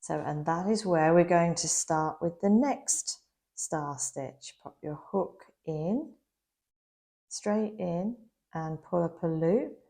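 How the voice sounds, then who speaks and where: Slow, gravelly-voiced woman teaching crochet. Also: fairly low pitch, dark tone. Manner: slow, patient, instructional. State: slightly losing her voice. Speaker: crochet instructor. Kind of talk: step-by-step craft tutorial.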